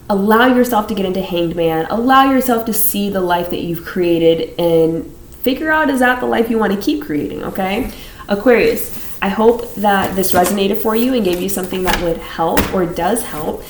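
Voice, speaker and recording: A woman's voice: mid-range voice, moderate pace. A woman giving a casual tarot reading to camera, rambling and repeating phrases, often laughing between thoughts. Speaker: tarot reader. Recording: roomy echo.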